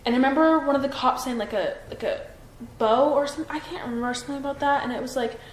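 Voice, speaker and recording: A woman's voice: high voice, quick pace. A young woman in her twenties giving a police interview, hesitant and full of fillers and restarts. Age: 20s. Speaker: witness being interviewed by police. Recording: roomy room echo with faint noise.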